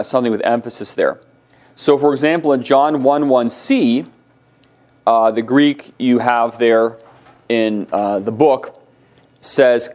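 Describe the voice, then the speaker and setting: Halting male Greek lecturer. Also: mid-range voice, a little mellow. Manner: halting, many ums and restarts, slows for key terms. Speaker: Greek teacher. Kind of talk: recorded classroom lecture. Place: classroom.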